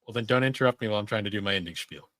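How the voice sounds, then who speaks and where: A man's voice: lowish voice, racing, a bit bright, dry recording. A man co-hosting a gaming podcast, telling a story in casual chat and reading the show's outro. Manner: rambling storyteller, laughs often. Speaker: podcast co-host.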